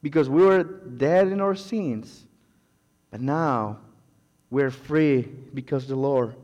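A man's voice: mid-range voice, slow, a little mellow, big-room sound, highs cut off. A man preaching a sermon in English that is not his first language, fervently repeating thanks and calling out for amens. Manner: fervent, repetitive thanks, calls of amen.

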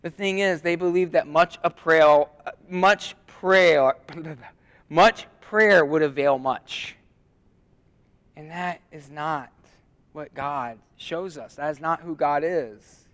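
A man preaching a sermon as pastor, dramatic, dropping to a hush and rising loud as he reads scripture. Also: on the high side, takes it slowly. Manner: dramatic, swings from hushed to loud when reading scripture. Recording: long reverb of a hall.

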